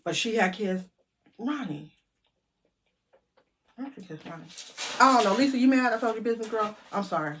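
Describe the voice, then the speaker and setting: A middle-aged woman vlogger telling a lively story to her viewers, chatty and animated. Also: on the high side, normal speed, long pauses, a little hiss or hum.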